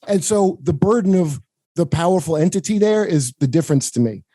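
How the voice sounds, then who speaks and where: Rambling, profane podcast host with a higher-set, dark voice. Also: male voice, expressive, a little fast, no echo. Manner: profane, rambling, laughs often; mimics people in higher voices. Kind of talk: casual chat.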